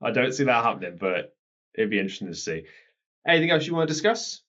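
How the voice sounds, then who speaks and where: A man's voice: mid-range voice, sing-song, fast, fairly bright tone. A man co-hosting a wrestling podcast and leading a casual chat, steering the talk through the event. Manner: leads the talk and walks his co-host through the event. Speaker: podcast co-host. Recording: dull lo-fi podcast audio.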